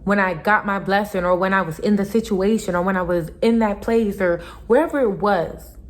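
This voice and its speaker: A woman's voice: medium pitch, moderate pace. A young adult woman giving an earnest, casual motivational talk to camera as a vlogger, repeating her points for emphasis. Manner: earnest, repetitive, emphatic with little laughs.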